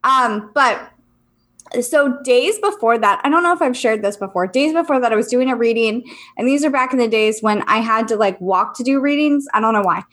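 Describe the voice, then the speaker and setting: A woman's voice: on the high side, fairly quick, a bit bright. A woman co-hosting a podcast, chatting casually and rambling with lots of fillers. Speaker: podcast co-host, psychic reader. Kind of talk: casual chat.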